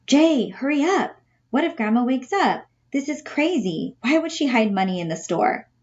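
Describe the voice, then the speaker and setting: A woman's voice: high-pitched, lively intonation, normal speed, pitched above the performer's own voice. A woman reading the part of a jumpy young teen boy, urgent and anxious, on a dull lo-fi recording.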